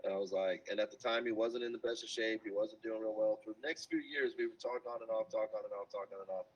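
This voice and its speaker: A man talking as a podcast guest in a casual storytelling chat, animated and acting out quotes in different voices. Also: fairly low pitch, fast. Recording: dull lo-fi sound.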